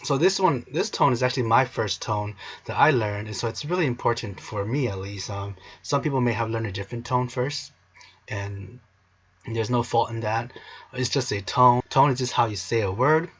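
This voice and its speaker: A man's voice: mid-range voice, normal speed, fairly bright tone, slightly rough, dull audio. A man hosting a casual language lesson video, playful and cheesy, sometimes breaking into song. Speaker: language teacher, video host.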